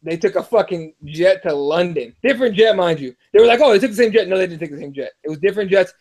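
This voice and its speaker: A man's voice: high-pitched, expressive, quick pace, darkish tone. A man hosting a casual fight-talk show, retelling events in a laid-back way and reading viewer comments. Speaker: podcast host.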